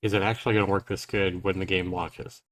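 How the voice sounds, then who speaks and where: A man's voice: sits low, flat delivery, quick pace, a bit bright, slight background noise. A man giving casual live reaction commentary on a game trailer, thinking aloud in a loose, rambling way.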